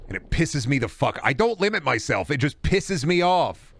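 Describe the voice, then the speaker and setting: A man's voice: on the high side, big pitch swings, normal speed, slight background noise. A man streaming games and ranting casually, swearing constantly and rambling through restarts and asides. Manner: profane, heated ranting with frequent swearing. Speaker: game streamer.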